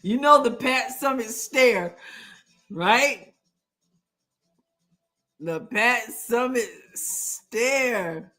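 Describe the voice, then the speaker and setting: Speaking extremely slowly with long pauses, a middle-aged woman with an expressive, fairly high, slightly bright voice chats with viewers on her casual live stream. She laughs often and sings playful call-and-response prayer lines.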